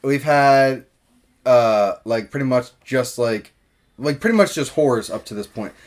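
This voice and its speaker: Man, podcast co-host, casual movie chat, lively pitch, rambling, laughs often. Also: measured pace. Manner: rambling, laughing, lots of filler "like".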